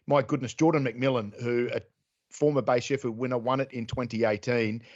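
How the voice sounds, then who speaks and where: A man's voice: mid-range voice, fairly even intonation, a little fast, a little mellow. A man hosting a sports podcast, asking chatty, enthusiastic questions. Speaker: podcast host. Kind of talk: podcast interview. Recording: dull, muffled podcast audio.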